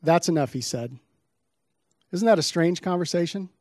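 A man's voice: on the high side, lively intonation, moderate pace, darkish tone, no room sound, studio quality. A man giving a sermon, reading scripture aloud with dramatic emphasis on the quoted lines before explaining the passage. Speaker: preacher.

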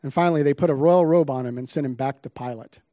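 A man's voice: mid-range voice, quick pace, warm tone, no echo, lo-fi sound. A man giving a sermon, reading scripture aloud with dramatic emphasis on the quoted lines before explaining the passage. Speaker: preacher.

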